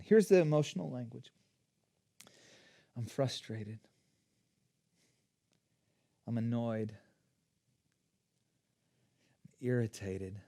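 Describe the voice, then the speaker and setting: A man preaching a sermon as a pastor, in an energetic, conversational teaching manner. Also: on the high side.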